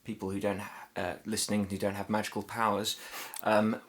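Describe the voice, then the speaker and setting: A man's voice: on the low side, level tone, fairly quick. A man with a southern English accent chatting as a comedian guest on a podcast, rambling and joking with lots of fillers, sometimes drifting off the mic. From Ireland. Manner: rambling, jokey, many fillers. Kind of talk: casual podcast chat. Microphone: moves off mic at times.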